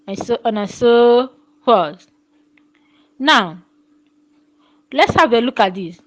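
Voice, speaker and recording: A woman teaching a phonetics lesson, repeating words slowly and asking rhetorical questions. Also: a little high, expressive, low-quality recording. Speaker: English teacher.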